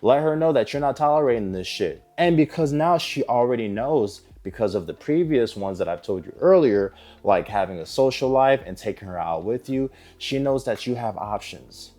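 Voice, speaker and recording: A man's voice: medium pitch, animated, moderate pace, hardly any pauses, warm tone, soft background music. A man giving dating advice straight to camera in a blunt, emphatic way, swearing freely. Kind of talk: direct-to-camera advice monologue.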